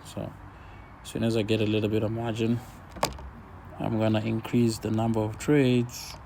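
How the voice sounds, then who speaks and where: A man's voice: on the low side, monotone, normal speed, gravelly, noisy background. A laid-back man casually commenting on his forex trades while sharing his screen, talking half to himself as he watches the charts.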